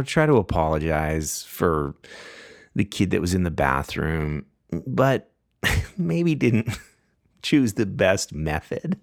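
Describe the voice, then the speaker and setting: A middle-aged man hosting a podcast, telling a family story casually with frequent laughs and lively voices for the people he quotes. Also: fairly low pitch, vocal fry, no room sound, clean studio sound. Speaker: podcast host.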